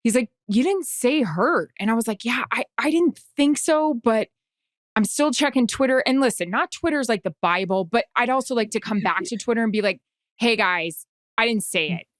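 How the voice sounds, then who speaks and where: A woman in her forties co-hosting a podcast, telling an anxious story in a casual, animated way. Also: fairly high pitch, moderate pace, no room sound, clean studio sound. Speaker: podcast co-host and sideline reporter. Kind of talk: casual chat.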